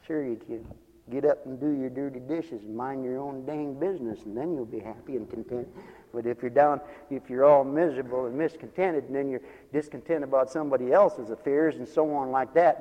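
A high-pitched man preaches a folksy, joking sermon, calling out for amens between lines. His voice rings through a large sanctuary with a long reverb tail. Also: a little mellow. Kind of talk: humorous revival sermon.

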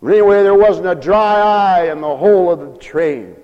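A man preacher telling a story as a sermon, animated and emphatic. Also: high-pitched, moderate pace, clear, resonant tone, in a large hall, lo-fi sound.

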